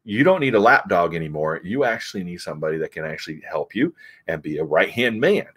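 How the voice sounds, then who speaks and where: Scheming male comic villain, told by a man in his own low voice. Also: lively intonation, fast, fairly bright tone, husky, full character voice. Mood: boastful. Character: scheming male villain pitching himself as right-hand man.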